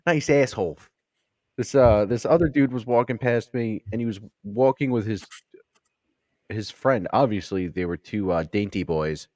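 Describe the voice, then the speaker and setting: A man, co-hosting a podcast, telling profane anecdotes in lively casual chat. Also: fairly low pitch, normal speed, no echo, clean studio sound. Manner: animated, profane, laughing anecdotes. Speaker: podcast co-host. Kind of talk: casual crude comedy chat.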